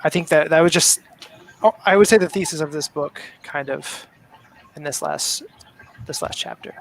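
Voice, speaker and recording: Gravelly man with a higher voice. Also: moderate pace, low-quality recording. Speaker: book club member. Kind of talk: casual discussion.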